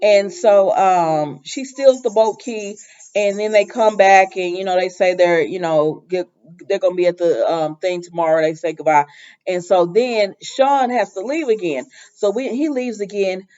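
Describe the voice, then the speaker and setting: A woman giving a casual, sassy recap of a soap opera episode, chatty and full of lively asides. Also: medium pitch, measured pace. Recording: slightly muffled lo-fi recording.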